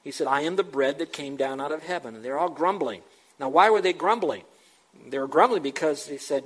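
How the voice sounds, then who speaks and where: A man's voice: fairly high pitch, fairly quick, slightly rough, low-quality recording. A middle-aged man, a pastor, preaching a conversational sermon and asking the congregation questions.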